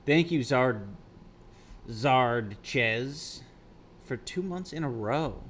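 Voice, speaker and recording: A man's voice: mid-range voice, lively intonation, extremely slow, fairly bright tone, slight background noise. A man streaming, chatting casually with his viewers in a rambling, profane way. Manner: rambling, profane, reacting to chat. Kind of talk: casual livestream chat.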